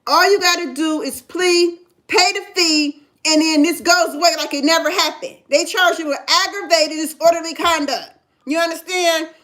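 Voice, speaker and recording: A woman's voice: extremely high pitch, steady tone, normal speed, a bit bright. A middle-aged woman telling her own story in casual talk, emphatic and often checking that the listener understands. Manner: emphatic, keeps asking "you understand?". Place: in Ohio.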